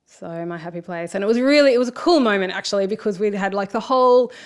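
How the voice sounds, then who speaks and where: A woman's voice: a little high, fast. A woman in her forties with an Australian accent, a podcast guest telling stories in casual conversation and swearing freely. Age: 40s. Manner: frank storytelling with frequent swearing. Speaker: podcast guest, speaker and coach.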